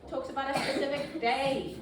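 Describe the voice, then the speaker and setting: A woman's voice: high voice, steady tone, normal speed. A woman teaching a classroom lesson, patiently prompting pupils by name. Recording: echoey classroom from far off, noisy.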